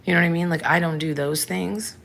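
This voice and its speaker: A woman's voice: fairly low pitch, steady tone, brisk, vocal fry, fairly bright tone. A woman in her thirties hosting a casual livestream, chatting frankly and answering viewers by name. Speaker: livestream host.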